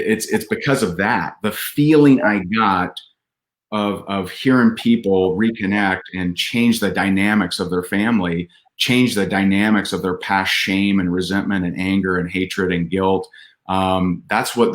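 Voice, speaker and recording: A man's voice: deep voice, a bit bright, roomy sound. A man talking as a podcast guest, telling a candid personal story earnestly, with frequent restarts and fillers.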